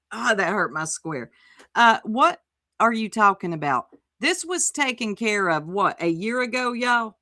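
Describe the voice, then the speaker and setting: Woman livestream host, sassy and exclamatory, unhurried commentary, reacts to chat. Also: mid-range voice, lively intonation, sharp tone.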